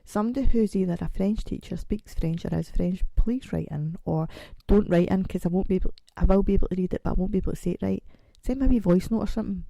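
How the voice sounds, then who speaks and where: A woman in her forties hosting a casual solo podcast. She rambles and pokes fun at herself, and she sounds croaky from a chest infection. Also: medium pitch, fast talker, few pauses, mellow, no room sound. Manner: rambling, chatty and self-mocking. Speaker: podcast host.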